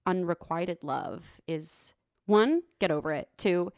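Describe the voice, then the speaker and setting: A woman's voice: on the low side, slow pace, darkish tone. A young woman co-hosting a casual book podcast, chatting animatedly and swearing freely. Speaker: podcast co-host. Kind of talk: casual chat.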